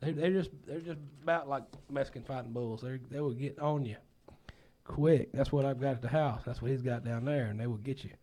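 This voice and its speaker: A man's voice: medium pitch, brisk, warm tone. A man with a Texan accent hosting a ranch talk show, chatting in an easygoing country way and chuckling often. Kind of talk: casual interview chat.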